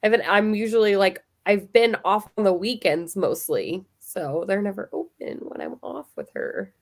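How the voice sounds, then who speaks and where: A woman's voice: medium pitch, expressive, normal speed. A young woman, co-hosting a book club and chatting casually, laughing often and quoting herself. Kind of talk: casual chat.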